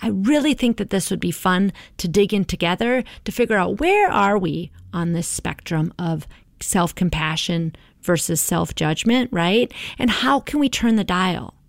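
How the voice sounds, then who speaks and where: A woman's voice: lowish voice, lively intonation, measured pace, gravelly, no echo, studio quality. A middle-aged woman hosting a podcast, talking in an encouraging, motivational way and often checking in with "right?". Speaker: podcast host.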